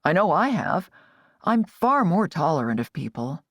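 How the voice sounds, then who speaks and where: A steady young Amish man, as a woman voices him in a storybook reading. His lowered voice stays calm and reassuring. The sound is close and dry. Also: normal speed, no echo.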